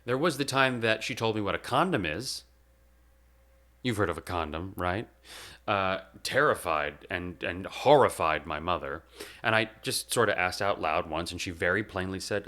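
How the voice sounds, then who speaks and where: A young man as host of his own show, delivering a measured, reflective eulogy with slow, emphatic pauses. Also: low-pitched, lively intonation, bright, forceful tone. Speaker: podcast host.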